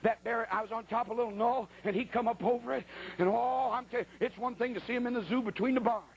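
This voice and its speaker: A man's voice: extremely high pitch, fairly even intonation, fast, gravelly, slight background noise, low-quality recording. A man preaching in a church, telling a folksy, colloquial story as part of a sermon. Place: church at a pulpit.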